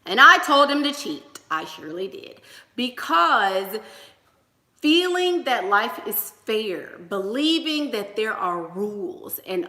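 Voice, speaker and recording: A woman's voice: fairly high pitch, very animated, takes it slowly, bright, forceful tone. Chatty woman on an echoey livestream. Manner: chatty, emphatic, laughs between thoughts. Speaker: relationship coach. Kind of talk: casual livestream chat. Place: room at home, doing her makeup. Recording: echoey room.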